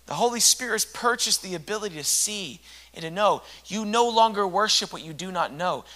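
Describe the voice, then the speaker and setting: A man preaching a sermon with passion, swinging from hushed, intimate lines to loud shouting. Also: sits high, expressive, brisk.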